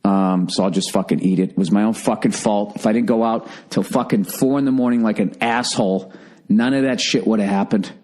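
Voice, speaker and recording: A man's voice: lowish voice, fairly even intonation, fairly quick, a little mellow. A middle-aged man telling a story in a casual podcast monologue, profane and exasperated, ranting as he goes. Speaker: podcast host.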